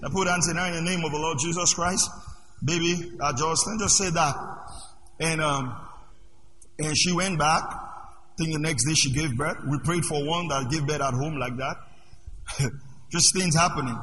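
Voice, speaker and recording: A man preaching a sermon as pastor, moving between quiet asides and loud shouted passages. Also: fairly high pitch, normal speed, pauses often, slight background noise. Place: church hall. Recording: echoey hall with long reverb.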